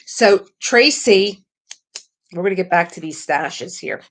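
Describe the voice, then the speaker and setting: A woman's voice: on the low side, animated, takes it slowly, fairly bright tone. A middle-aged woman hosting a live craft stream, chatting casually and animatedly, reading viewer comments aloud and laughing often.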